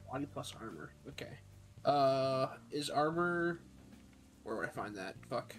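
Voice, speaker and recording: A man's voice: mid-range voice, lively intonation, unhurried, fairly bright tone, faint music behind. A young man playing a tabletop game over a voice call, unsure of the rules, self-deprecating and casually swearing. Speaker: player.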